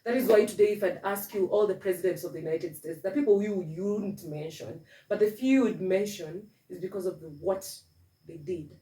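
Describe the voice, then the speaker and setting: Woman host, earnest advice-giver with a mellow voice, recorded off-mic in an echoey room. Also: fairly low pitch, moderate pace, distant mic. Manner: earnest, advice-giving, frequent restarts. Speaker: interviewer. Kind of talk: casual interview.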